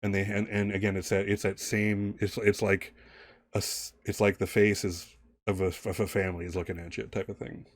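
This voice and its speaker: A man narrating a tabletop game as game master, in a rambling, halting way with many restarts. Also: lowish voice, little pitch movement, no room sound.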